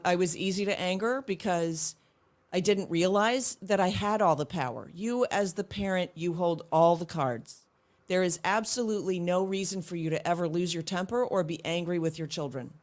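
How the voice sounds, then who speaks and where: A woman's voice: lowish voice, normal speed. A middle-aged woman, a guest in an interview, speaking earnestly and reflectively about parenting, often restarting her sentences. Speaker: guest, homeschooling mother. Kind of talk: casual interview chat.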